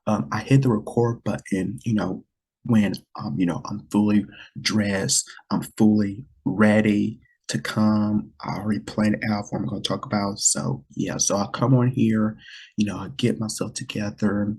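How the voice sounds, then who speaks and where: A man's voice: fairly low pitch, little pitch movement, normal speed, a little mellow, breathy edge. A man hosting his own podcast, talking to listeners in an earnest, rambling way, often repeating words and restarting. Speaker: podcast host. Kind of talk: casual solo podcast talk.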